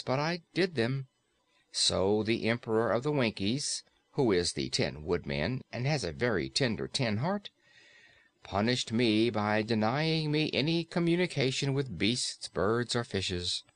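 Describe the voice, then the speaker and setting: A man's voice: mid-range voice, dry recording. A man voicing a gloomy, surly large ferryman in an audiobook, speaking in a sullen, mournful way.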